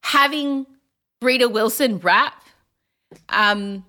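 Bright, candid woman podcast host. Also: on the high side, slow pace. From Australia. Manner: animated, candid, self-deprecating. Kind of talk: casual chat.

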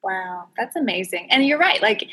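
A woman's voice: medium pitch, lively intonation, normal speed, sharp tone, breathy edge. A woman hosting a casual interview, talking in an encouraging, effusive way. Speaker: host.

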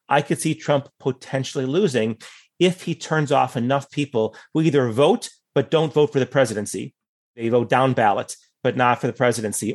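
A man talks through political analysis at an even middle pitch. He is thoughtful and measured, stacking qualifications and asides as he reasons. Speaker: political commentator guest.

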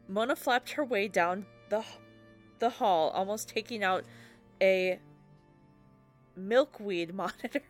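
Woman slowly reading a friend's story. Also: medium pitch. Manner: stumbles over handwriting, laughs through reading. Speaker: podcast co-host.

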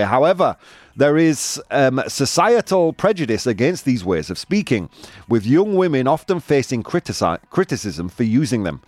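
Lively, animated male radio host. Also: mid-range voice, normal speed, dry recording. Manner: animated, laughs often, switches into Spanish translations. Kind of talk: casual radio chat, reading news items.

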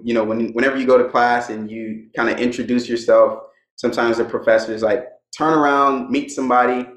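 A young man, a guest in a casual interview, telling his stories in a relaxed way and laughing often. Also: mid-range voice, reverberant, rough recording.

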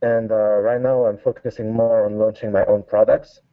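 A man's voice: lowish voice, little pitch movement, normal speed, dry recording. A man from France with a French accent, a guest designer speaking with many hesitant fillers in a casual interview over a call. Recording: tinny phone-like line.

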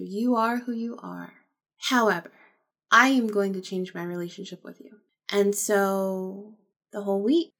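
A woman hosting a podcast, talking candidly about a personal experience, emphatic and repeating phrases for weight, with the odd swear word. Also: a little high. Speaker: podcast host. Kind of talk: casual personal storytelling.

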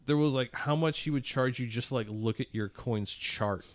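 A man co-hosting a podcast, talking in halting starts and repeats with dry jokes. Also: medium pitch, no room sound. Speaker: podcast co-host. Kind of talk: casual podcast banter.

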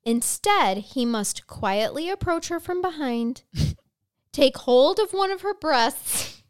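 A woman's voice: high voice, lively intonation, slow. A woman co-hosting a casual podcast on a headset mic, reading folklore aloud with playful asides and frequent laughter. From Irish descent, American. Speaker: podcast co-host. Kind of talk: casual chat.

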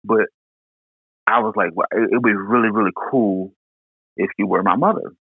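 A young man from Houston, Texas, telling a personal story in an earnest, halting way with many restarts. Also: on the low side, steady tone, slightly rough, no echo. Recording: tinny phone-like line.

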